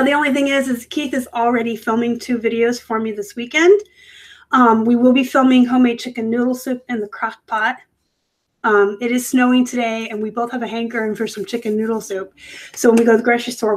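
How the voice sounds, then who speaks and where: A fairly high-voiced woman chatting on a live stream from her home workspace. She rambles from one thing to the next, dropping in plenty of fillers and correcting herself as she goes. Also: poor audio. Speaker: host of a live reselling show. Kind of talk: casual live-stream chat. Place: home room set up for work.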